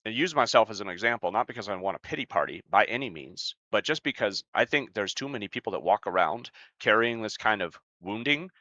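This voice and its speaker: A man's voice: fairly low pitch, animated, fairly quick, hardly any pauses, bright, forceful tone, dry recording, highs cut off. A man co-hosting a podcast as a life coach, talking in a blunt, emphatic way and swearing freely. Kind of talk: casual podcast talk.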